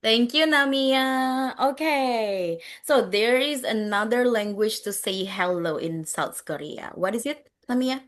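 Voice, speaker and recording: A woman's voice: fairly high pitch, animated, a little slow, few pauses, fairly bright tone. A woman with an Indonesian accent teaching an English class, chatty, quizzing her students and dropping in Indonesian words. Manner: chatty, mixes in Indonesian words, laughs often. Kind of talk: online class questioning students.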